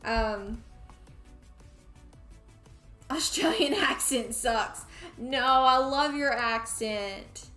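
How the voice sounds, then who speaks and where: A woman's voice: sits high, very slow, long pauses, sharp tone. A young woman from Tennessee with a Southern accent, chatting casually while streaming a game and talking to her viewers and the game's characters. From Tennessee, USA. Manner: chatty, talks to the game and chat. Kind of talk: casual gameplay chat. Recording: roomy echo, faint music.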